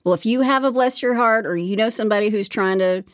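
A woman's voice: on the high side, dry recording, studio quality. A woman co-hosting a casual true-crime podcast, reacting with gasps and laughter. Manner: lively, reactive, quick to laugh and gasp. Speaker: podcast co-host.

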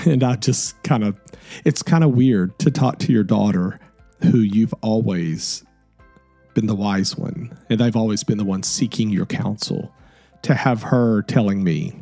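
A middle-aged man hosts his own show and shares a personal story in a soft-spoken, earnest, reflective way. His voice is dark and mellow with a gravelly edge. Quiet music plays faintly behind him. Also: fairly low pitch, unhurried, dry recording. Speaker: podcast host.

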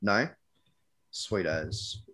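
A man's voice: low-pitched, animated, very slow, a bit bright. A man hosting a podcast, asking questions in a playful, jokey way. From Australia. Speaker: podcast host. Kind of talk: casual chat.

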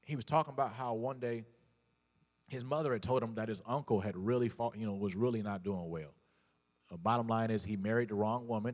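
A man's voice: fairly low pitch, big-room sound. A male pastor preaching a sermon, telling stories, often repeating words and calling out to the congregation.

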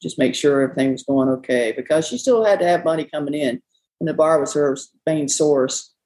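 A woman's voice: low-pitched, brisk, dark tone, low-quality recording. A woman who owns a bar, telling stories in a rambling, folksy way and often quoting people. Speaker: bar owner. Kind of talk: casual storytelling interview.

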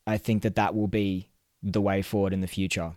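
A man's voice: sits low, flat delivery, fairly quick, a little mellow, dry recording, clean studio sound. A man hosting a solo podcast, talking earnestly and chattily with lots of fillers and restarts. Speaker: podcast host.

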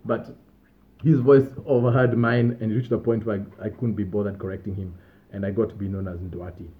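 A man's voice: on the low side, a little fast. Laid-back man telling stories, tinny sound. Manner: relaxed, rambling, with small laughs and restarts. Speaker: podcast host. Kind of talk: casual storytelling monologue. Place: Australia.

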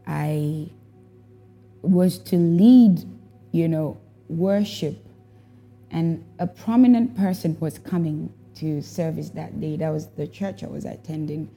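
A woman's voice: deep voice, unhurried, mellow, slightly rough, soft background music. A woman telling a personal testimony about serving as a worship leader, reflective and emotional, repeating herself as she goes. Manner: reflective, emotional storytelling with repetitions.

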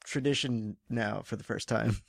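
A man's voice: on the low side, normal speed, vocal fry, breathy edge, dry recording, studio quality. A man co-hosting a podcast from a living room, chatting casually and joking. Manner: joking, laughs often, slips into movie quotes. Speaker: podcast co-host. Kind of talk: casual chat. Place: living room by a coffee table. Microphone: podcast microphone.

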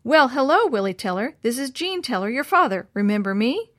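A woman's voice: on the high side, sing-song, fairly quick, no room sound, studio quality, pitched above the performer's own voice. Woman reading as a cheerful father. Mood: friendly. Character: warm, cheerful father away from home.

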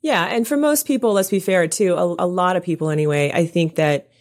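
A woman's voice: fairly low pitch, a little fast, a little mellow. A woman who works as a coach, a guest on a podcast, giving practical, encouraging advice in casual conversation. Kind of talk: casual interview chat.

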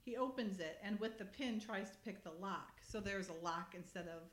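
A woman's voice: mid-range voice, moderate pace. A woman hosting a casual chat, recapping a TV episode and reading script lines aloud with frequent giggles. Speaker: podcast host.

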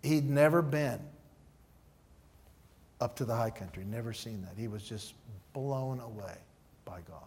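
A man's voice: medium pitch, unhurried, long pauses, slightly rough. A male pastor preaching at an evening church meeting, telling stories with acted-out dialogue and teaching through numbered points. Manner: animated storyteller who acts out dialogue. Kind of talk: sermon.

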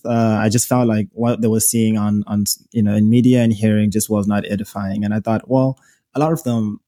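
Young man, Zimbabwean accent, low voice, mellow, dry close sound, earnest podcast chat. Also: no echo. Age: young adult. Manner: earnest, with frequent fillers and restarts. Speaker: podcast co-host. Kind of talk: casual faith podcast chat.

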